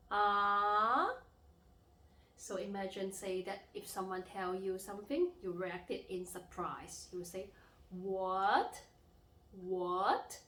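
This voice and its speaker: A young woman teaching a language lesson as a tutor, pausing to demonstrate tones with long drawn-out sung vowels. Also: medium pitch, roomy sound, poor audio. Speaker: Mandarin and Cantonese tutor.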